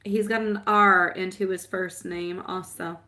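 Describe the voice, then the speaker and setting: A woman's voice: fairly low pitch, fairly even intonation, a little slow, bright, forceful tone, a little hiss or hum. A woman reading tarot on a live stream, chatting with viewers and calling them sweetie and my love. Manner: chatty, rambling with fillers. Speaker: tarot reader.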